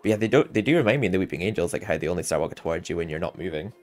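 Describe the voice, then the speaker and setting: Low-voiced guy rambling over his game walkthrough, lively up and down, faint game music. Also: racing. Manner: rambling, chatty, often laughing. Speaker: gaming channel host. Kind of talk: casual game walkthrough commentary.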